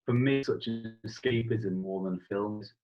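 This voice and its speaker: A young British man chatting casually as a podcast guest, swearing now and then and telling a joke with lively, animated delivery. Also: fairly low pitch, normal speed. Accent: British English. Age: young adult. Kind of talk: casual chat. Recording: husky voice, dull lo-fi sound.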